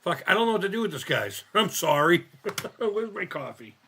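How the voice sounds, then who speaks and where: Husky, animated man chatting while he builds. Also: high voice, moderate pace. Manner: rambling, swears often, laughs at himself, thinks aloud. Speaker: streamer building a model kit. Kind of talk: casual live-stream chat while crafting.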